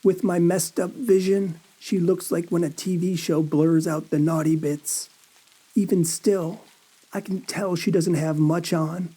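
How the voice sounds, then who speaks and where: Slow, mellow-voiced man reading horror. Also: a little high, fairly even intonation, husky. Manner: dazed, anxious inner monologue with many halting questions. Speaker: horror story narrator. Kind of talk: first-person horror audiobook reading.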